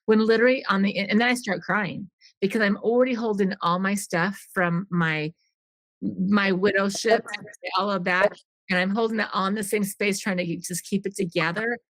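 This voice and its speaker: A woman's voice: mid-range voice, fairly even intonation, moderate pace, dry recording. Earnest middle-aged woman, candid storytelling. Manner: earnest, rambling, often restarts and acts out quoted dialogue. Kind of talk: candid personal storytelling in a podcast conversation.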